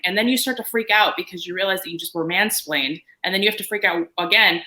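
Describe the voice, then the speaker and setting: A woman speaking on a panel, telling animated stories about her security work. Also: mid-range voice, quick pace, few pauses. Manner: animated storytelling, quoting herself and others. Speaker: guest panelist. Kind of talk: panel discussion.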